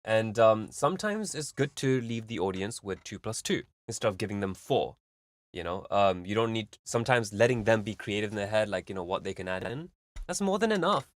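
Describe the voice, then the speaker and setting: Low-voiced man giving casual music feedback. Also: lively intonation, brisk, no room sound. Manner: rambling, filler-heavy, explains with vivid analogies. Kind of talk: casual live-stream commentary.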